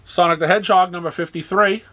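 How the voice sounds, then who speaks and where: A man speaks in a high, sharp voice with fairly even intonation, casually listing the week's new comics at a comic shop. Dry sarcasm colors his asides, and he often halts and starts again.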